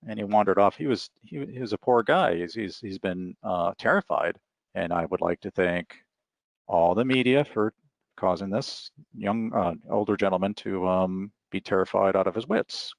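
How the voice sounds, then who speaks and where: Deep gravelly middle-aged man, relaxed. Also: moderate pace, dry recording. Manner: relaxed, rambling storyteller. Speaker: author guest. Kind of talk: casual interview talk.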